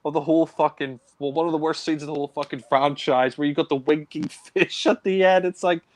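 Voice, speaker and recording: A man's voice: fairly high pitch, fairly even intonation, a little fast, dry recording. Man, casual film chat, rambling, swears, dry close sound. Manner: rambling, frequent fillers, laughs and swears; mimics characters in raised voice. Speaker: film review co-host.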